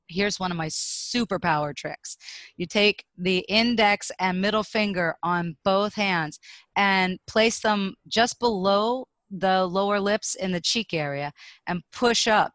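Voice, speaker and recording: A woman's voice: on the low side, unhurried, dry recording. Dry-sounding woman speaking coach. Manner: demonstrative, shows vocal warm-up exercises aloud. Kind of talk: podcast interview.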